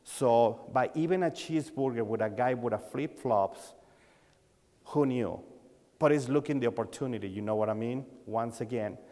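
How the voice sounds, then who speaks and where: A man's voice: medium pitch, moderate pace. Mexican-accented man telling stories in a hall. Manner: animated storyteller, acts out dialogue, non-native grammar. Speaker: sales coach speaking at a dealer conference. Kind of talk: conference talk, storytelling. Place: large conference hall. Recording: long reverb of a large hall.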